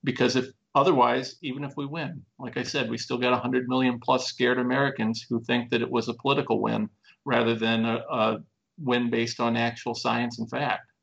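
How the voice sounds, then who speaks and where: A man's voice: little pitch movement, moderate pace, vocal fry, fairly bright tone, muffled recording. A man speaking earnestly and emphatically in a conversational interview, pressing his points with repeated questions. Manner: earnest, emphatic, building to raised pitch. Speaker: plaintiff in a lawsuit.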